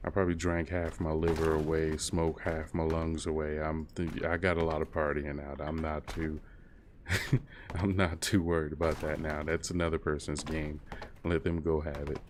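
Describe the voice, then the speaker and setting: A man's voice: very deep voice, level tone, normal speed, slight background noise. A man in his thirties chatting casually while gaming on a stream, rambling and laid-back. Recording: keyboard clicks and typing behind.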